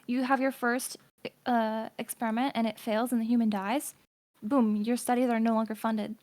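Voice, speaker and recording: A young woman chats over a voice call, her voice sitting notably high. She rambles through wild what-if ideas and teases her friend with easy laughs. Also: little pitch movement, moderate pace, a little mellow. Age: young adult. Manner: imaginative, rambling, teasing, laughs often. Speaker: streamer. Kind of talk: casual chat.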